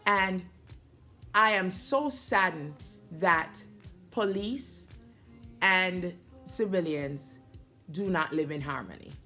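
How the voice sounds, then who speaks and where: A woman recounting the words of a polite male police officer in her own softened voice. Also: lowish voice, slow, long pauses, soft background music. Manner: soft-spoken, courteous.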